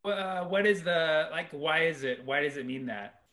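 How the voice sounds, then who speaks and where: A man's voice: on the high side, moderate pace, sharp tone. A man in casual chat, joking around and laughing easily with friends. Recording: crowd chatter behind.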